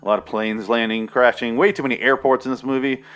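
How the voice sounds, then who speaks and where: A man's voice: mid-range voice, fairly even intonation, quick pace, a bit bright. A man casually reviewing a movie, rambling and sarcastic, with a lot of swearing.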